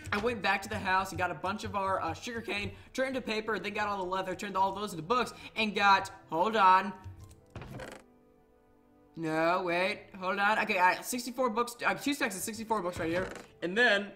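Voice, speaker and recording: A young man rambling excitably through casual gameplay commentary, full of fillers and restarts. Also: sits high. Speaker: gaming YouTuber. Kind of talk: casual Minecraft let's play commentary.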